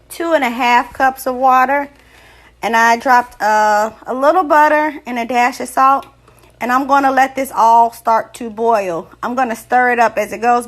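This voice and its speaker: A woman hosting a casual home cooking lesson, chatting through each step in a relaxed way. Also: on the high side. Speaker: cooking show host. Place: home kitchen.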